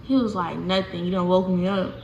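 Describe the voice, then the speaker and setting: A young woman telling a casual storytime to her viewers, animated and chatty, often calling them y'all. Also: on the low side, brisk, creaky, lo-fi sound. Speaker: vlogger. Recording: echoey room with faint noise.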